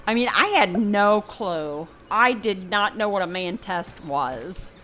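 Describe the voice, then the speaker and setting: A woman's voice: mid-range voice, expressive, slow pace, a bit bright, a little hiss or hum. An older woman hosting a gaming video, telling a rambling folksy story over her gameplay. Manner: rambling, folksy, chatty with many fillers. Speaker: gaming channel host. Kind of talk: casual gameplay commentary with storytelling.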